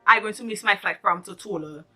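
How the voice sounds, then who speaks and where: A woman vlogger with a lilt tells a story to camera in an animated, dramatic way. Her voice is bright and forward, and she keeps turning to her viewers with asides. Faint music sits behind her. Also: mid-range voice, fairly quick. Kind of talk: storytime vlog.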